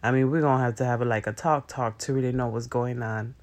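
In a fast, medium-pitched, darkish voice with fairly even intonation, a young man rambles to his viewers about spiritual growth and feelings. He leans on slang, fillers and profanity, often dropping verbs, in a loose conversational style.

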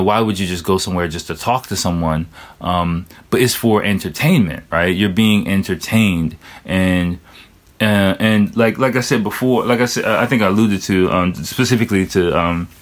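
A young man talks in a loose, rambling monologue with a fairly low voice. He swears freely and leans on filler words as he circles his point. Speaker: vlogger. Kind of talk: casual storytelling monologue.

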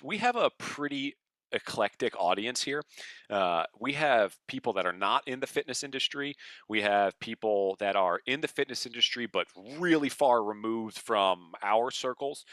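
A man hosts a podcast with a full radio voice, speaking loudly and upbeat at one steady volume. His tone is bright and forceful. The sound is dry and close to the mic. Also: no echo. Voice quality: deep radio voice. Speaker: podcast host. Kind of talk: casual podcast interview.

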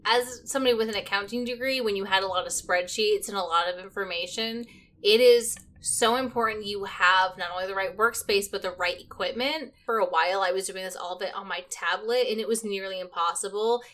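A woman's voice: medium pitch, fairly quick, sharp tone. Chatty woman podcast co-host. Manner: chatty, laughs easily, frequent "like". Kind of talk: casual podcast chat.

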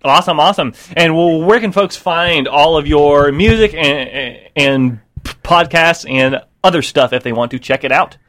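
Male radio host, friendly, stumbling restarts, slightly raised pitch. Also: a bit bright. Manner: friendly, halting, many restarts. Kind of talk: radio interview.

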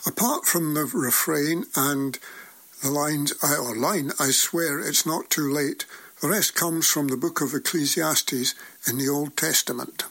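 A man's voice: fairly high pitch, measured pace, vocal fry, pushed and bright, a little hiss or hum. A man presenting a radio show, introducing records in a plain, informative manner. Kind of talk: radio announcing.

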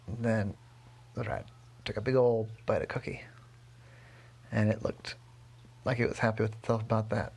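A father spins a bedtime story in a low, gravelly voice with a husky edge. He wanders and corrects himself as he goes, keeping the tone soft and unhurried. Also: steady tone. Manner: rambling, self-correcting, gentle. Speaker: father telling his daughter a bedtime story.

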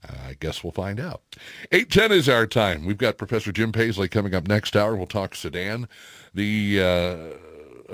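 A man's voice: deep voice, animated, moderate pace, dry recording, studio quality. A middle-aged man hosting a morning radio show, chatting casually with lots of fillers. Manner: chatty, folksy, many fillers. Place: radio studio.

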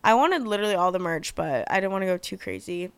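A woman's voice: lowish voice, lively intonation, quick pace, clean tone, no room sound. A young woman hosting her own podcast, chatting casually and gushing, full of fillers and offhand swearing. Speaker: podcast host. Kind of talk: casual solo podcast chat.

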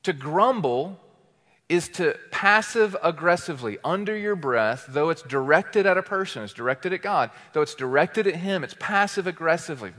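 Man, pastor, sermon, fairly high voice, rhetorical questions, loud-to-soft swings, long church-hall reverb. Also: lively intonation, normal speed. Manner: emphatic preaching, swinging from loud declarations to quiet asides. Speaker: teaching pastor.

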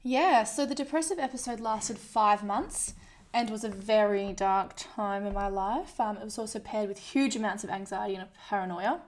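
A woman's voice: medium pitch, moderate pace. A woman talks straight to the listener in a candid personal monologue. She is frank and self-deprecating. She often slips into quoting her own inner voice. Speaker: vlogger sharing a personal story.

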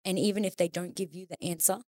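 A woman's voice: lowish voice, fairly even intonation, quick pace, mellow, no room sound, clean studio sound. A woman in her thirties, a podcast guest, talking candidly in casual conversation, swearing freely and acting out the voices in her head.

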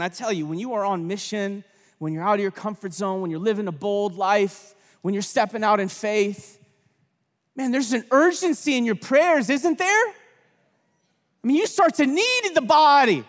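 A man in his thirties preaching at a conference, telling stories with animated, shouted bursts in a large hall. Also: extremely high pitch. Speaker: pastor. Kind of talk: energetic conference sermon. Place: large hall with long reverb. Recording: reverberant hall, from a distance.

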